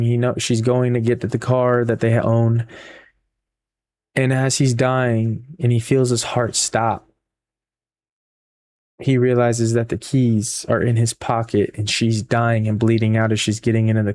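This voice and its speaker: A man's voice: medium pitch, darkish tone. A man giving a casual spoken book review, retelling the plot in a rambling way with frequent repeats and fillers.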